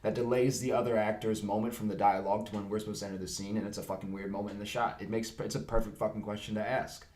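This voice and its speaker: A man, an actor, chatting casually on a podcast, telling stories in a fast, profane, animated way. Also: lowish voice, reverberant.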